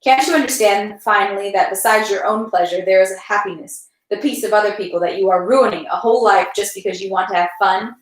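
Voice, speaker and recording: A woman's voice: medium pitch, fast, hardly any pauses, echoey room, natural voice, poor audio. A woman reading the lines of an enraged, awkward young nobleman in a novel. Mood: stern, furious.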